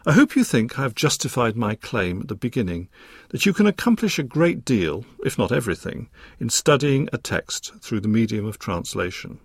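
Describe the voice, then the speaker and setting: Male lecturer with a scholarly, precise delivery, very animated intonation, dry close-miked studio sound. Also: medium pitch, breathy edge, dry recording. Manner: measured, precise and scholarly, with a lively rising and falling delivery. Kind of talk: recorded academic lecture.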